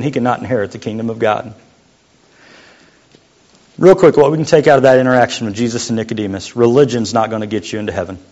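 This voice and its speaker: A young adult man preaching a sermon as a youth pastor, in a conversational, joking way that sometimes drops to a quiet voice. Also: fairly high pitch. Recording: muffled lo-fi sound.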